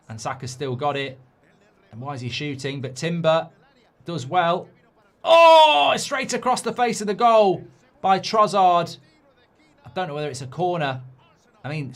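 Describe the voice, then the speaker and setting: A middle-aged man hosting a live football watchalong, reacting to the match. He swings between muttered analysis and loud outbursts. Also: mid-range voice. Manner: excitable, swings from muttering to shouting.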